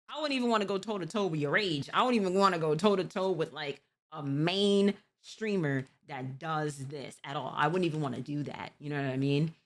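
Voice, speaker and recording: A woman in her twenties hosting a live stream, reacting casually and candidly lecturing with advice. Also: low-pitched. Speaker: streamer host.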